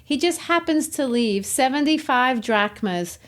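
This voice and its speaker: A woman co-hosting a literature podcast, retelling scenes in an animated, storytelling way. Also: high-pitched, a little slow. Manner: animated storytelling, laughs often. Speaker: podcast co-host.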